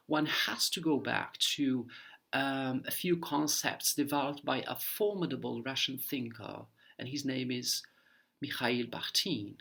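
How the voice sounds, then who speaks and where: A man's voice: mid-range voice, gravelly, fairly bright tone, husky. A man giving a lecture, explaining ideas step by step with examples, with occasional fillers and stumbling repeats.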